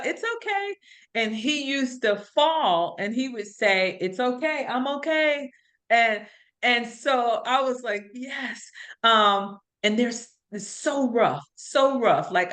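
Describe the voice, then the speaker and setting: A woman's voice: medium pitch, sharp tone. A middle-aged woman hosting a podcast, telling stories in an earnest, reflective way in casual conversation. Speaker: podcast host.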